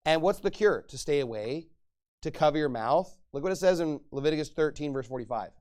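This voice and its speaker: A middle-aged man preaching a sermon as pastor, lively and conversational, acting out quoted voices and laughing now and then. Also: a little high, fairly quick.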